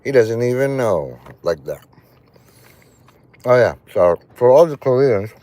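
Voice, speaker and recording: A male streamer rambling and joking in a loose, casual chat. His voice sits at an ordinary middle pitch but swings widely up and down. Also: a little slow, long pauses. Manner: rambling, joking, lively intonation. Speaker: livestream host.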